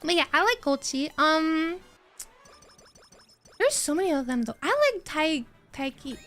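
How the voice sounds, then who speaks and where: A woman streamer talks in a high, bright register, taking her time as she chats over her game. Her talk rambles excitedly, doubling back on itself, and she stops to answer her chat. Quiet game music plays underneath. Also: a little slow. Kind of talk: casual live-stream chat while gaming.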